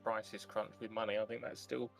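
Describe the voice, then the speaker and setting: A man's voice: on the low side, level tone, fairly quick, gravelly, soft background music. Earnest advice-giving male game master. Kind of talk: casual panel chat.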